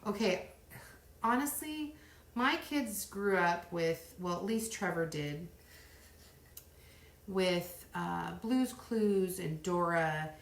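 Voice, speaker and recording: A middle-aged woman hosting a live crafting stream, chatting in a rambling way and counting softly under her breath as she works. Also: lowish voice, expressive, slow, gravelly, long pauses. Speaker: craft livestream host. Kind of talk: casual live chat while crafting. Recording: roomy echo.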